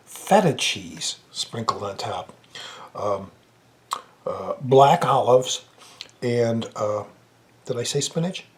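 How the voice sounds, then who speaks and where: A man chatting casually in a home vlog, rambling and correcting himself, sometimes talking while eating. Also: lowish voice. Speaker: movie review vlogger.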